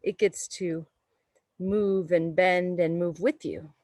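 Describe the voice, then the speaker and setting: A woman yoga teacher giving slow, soothing, meditative guidance during a class in a studio. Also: lowish voice, steady tone, a little mellow, no echo, low-quality recording. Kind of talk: guided yoga class instruction.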